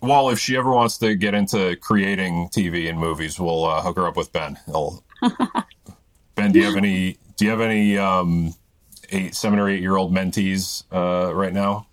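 Male interview host, very low voice, easygoing. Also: moderate pace. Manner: relaxed, conversational, uses "like" often. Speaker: podcast host. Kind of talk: casual interview talk.

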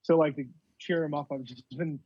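A man's voice: fairly high pitch, fairly even intonation, a little fast, a little mellow, breathy edge, no room sound, dull audio. A man guesting on a podcast, easygoing and casual, often tacking "man" onto his lines. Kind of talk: casual chat.

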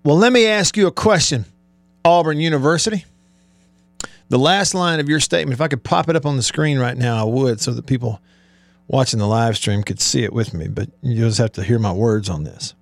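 With a creaky, mid-range voice and no room sound, a middle-aged man hosts sports radio at a brisk clip. His live-streamed monologue is a fired-up, sarcastic rant with dry, close audio and mounting emphasis.

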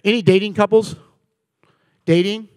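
A man in his forties giving a comedic talk to a live church audience, telling animated stories and bantering with the crowd. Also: high voice, moderate pace, clear, resonant tone, no echo. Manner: animated storytelling, acting out dialogue and bantering with the audience. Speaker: guest speaker at church. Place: church service.

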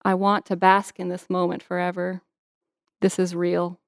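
A woman's voice: fairly low pitch, monotone, moderate pace, vocal fry, no room sound, clean studio sound. A young adult woman, an author, reading her memoir in an earnest, intimate way and answering interview questions.

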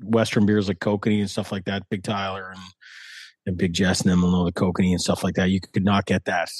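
East coast canadian guy, kinda low voice, folksy rambly podcast chat, dry mic. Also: flat delivery, fairly quick, breathy edge, no room sound. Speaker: podcast guest. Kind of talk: casual chat.

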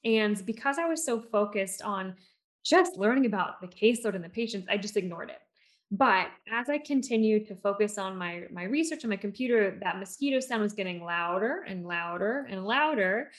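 A woman speaking as a podcast guest and speech therapist, telling stories in an animated way with many fillers and restarts. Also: mid-range voice, moderate pace. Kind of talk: conversational storytelling.

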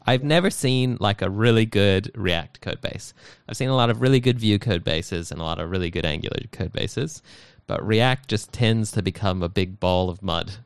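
A man's voice: fairly low pitch, moderate pace, creaky, hardly any pauses, clear, resonant tone, no room sound. A man co-hosting a podcast, chatting casually and joking with many fillers. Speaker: podcast co-host. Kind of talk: casual tech chat.

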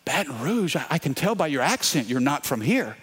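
A man doing an excited New York football fan. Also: fairly high pitch, breathy edge, heavily acted. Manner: eager, rapid, disbelieving.

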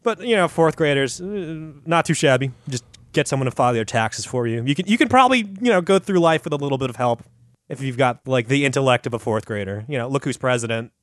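A man's voice: mid-range voice, animated, fast, dry recording. A man hosting a podcast, telling a story in a crude, sarcastic, profane way. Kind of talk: casual comedic storytelling.

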